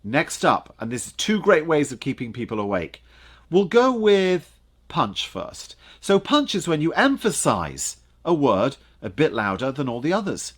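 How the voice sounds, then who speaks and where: A man delivers an energetic online coaching session about presenting, addressing the camera directly. He leans on dramatic pauses and hits certain words hard for emphasis, and his voice is slightly high with a breathy edge.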